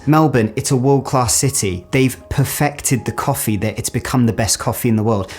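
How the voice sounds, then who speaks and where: A man's voice: medium pitch, darkish tone. Chatty young British man over faint music. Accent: British English. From Britain. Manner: chatty, self-mocking, drawn-out emphasis on key words. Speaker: vlogger, actor and musician. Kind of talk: scripted vlog narration.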